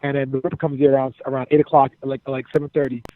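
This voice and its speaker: A former wrestler, a man, telling profane, animated stories as an interview guest and repeating his phrases as he goes. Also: medium pitch, fast, a little hiss or hum. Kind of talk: casual storytelling. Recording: dry, phone-like narrow sound.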